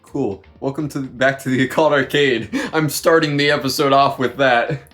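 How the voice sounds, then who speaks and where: A man's voice: medium pitch, steady tone, moderate pace, fairly bright tone, soft background music. A young man from the American South co-hosting a game playthrough, playful and teasing in casual chat. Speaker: co-host. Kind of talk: casual let's-play chat.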